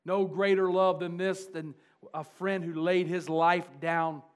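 A man's voice: sits high, flat delivery, measured pace, smooth. Emphatic preacher man. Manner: emphatic, repeats key words for stress. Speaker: pastor. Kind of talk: sermon.

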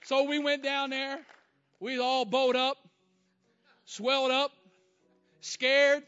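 High-pitched preacher, dramatic and bright. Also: male voice, level tone, slow. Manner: dramatic, shifting from loud exclamations to hushed, emotional lines. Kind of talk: storytelling sermon. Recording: muffled low-fi sound with faint music.

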